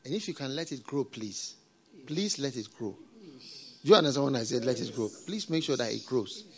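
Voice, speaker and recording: A middle-aged man preaching a sermon as a pastor, talking in a conversational, repetitive way with folksy proverbs and soft chuckles. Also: medium pitch, animated, normal speed, breathy edge.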